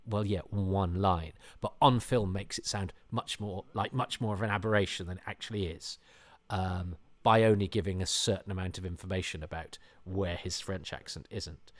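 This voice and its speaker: Man, lowish pitch, podcast host, casual rambling commentary, self-deprecating. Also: fairly even intonation, normal speed.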